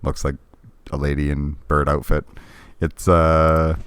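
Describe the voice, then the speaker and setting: Very deep-voiced, laid-back podcast guy. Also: completely flat delivery, a little slow, clear, resonant tone, dry recording. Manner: laid-back, hesitant, many ums and restarts. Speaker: podcast co-host. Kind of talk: casual chat about retro games.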